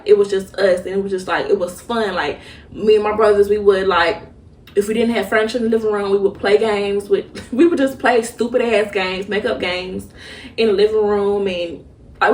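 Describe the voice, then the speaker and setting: A young woman hosts a podcast, talking through a personal story in a halting, emotional way with many restarts. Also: medium pitch, darkish tone. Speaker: podcast host. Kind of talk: personal reflective monologue. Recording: roomy echo, mic at a distance.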